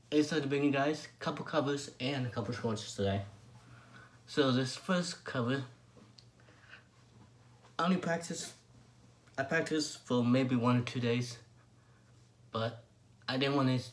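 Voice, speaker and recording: A man's voice: mid-range voice, normal speed, long pauses. Laid-back man chatting to viewers. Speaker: cover singer and vlogger. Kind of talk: casual chat to viewers.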